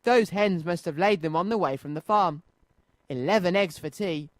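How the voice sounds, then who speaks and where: Noddy, a man voicing an excitable little toy boy. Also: sits high, normal speed, no echo, lightly acted. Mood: eager. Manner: anxious, excitable exclamations. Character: cheerful little toy boy, eager and fretful. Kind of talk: children's storybook reading.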